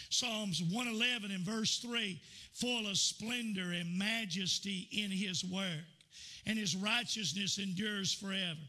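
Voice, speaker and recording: A man's voice: sits high, bright, forceful tone. A man preaching a sermon in a church, telling folksy stories full of fillers and repeats. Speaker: pastor.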